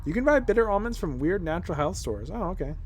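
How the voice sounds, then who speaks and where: Lively, rambling male streamer. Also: high voice, fast, a little hiss or hum. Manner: rambling, offhand, swears casually. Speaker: vtuber streamer. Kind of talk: casual gameplay chat.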